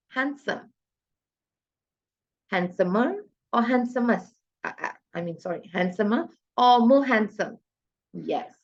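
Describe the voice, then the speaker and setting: A woman teaches a grammar lesson, keeping her pace slow and steady. She poses each question to the class and then answers it herself. Her voice sits at a middle pitch, and the recording sounds dull and lo-fi. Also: creaky. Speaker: English teacher.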